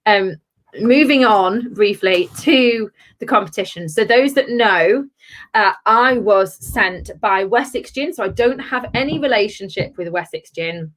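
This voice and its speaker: A woman's voice: mid-range voice, animated, measured pace, a bit bright. Chatty woman hosting a live review. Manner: chatty and effusive, talks straight to viewers by name. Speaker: host of a live gin review stream. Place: at home, with her children wandering in.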